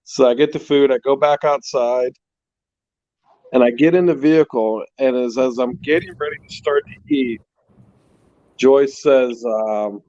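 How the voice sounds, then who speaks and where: A man telling a story in a casual chat, animated and laughing as he goes. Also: medium pitch, a little slow, no echo. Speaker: co-host, father of the host. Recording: dull, dry lo-fi sound.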